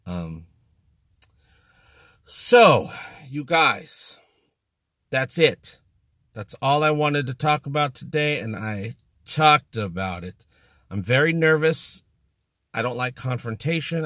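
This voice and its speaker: A man's voice: medium pitch, fairly bright tone, dry recording, clean studio sound. A man hosting his own channel, talking casually to the camera in a rambling, self-mocking, jokey way. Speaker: YouTube channel host. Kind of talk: casual vlog talk to camera.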